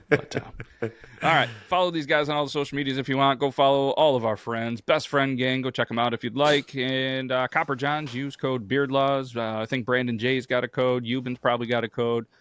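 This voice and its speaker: A man's voice: mid-range voice, fairly even intonation, moderate pace, fairly bright tone, clean tone. A man hosting a podcast, telling stories in a laid-back way with crude jokes and lots of fillers. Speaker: podcast host. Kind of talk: casual chat.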